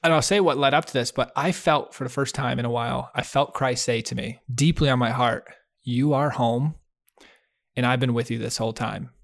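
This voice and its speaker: A man co-hosting a faith podcast over a video call, telling a personal story in an earnest, heartfelt way with restarts and soft laughs. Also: mid-range voice, fairly even intonation, moderate pace, gravelly. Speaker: podcast co-host. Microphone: video call setup.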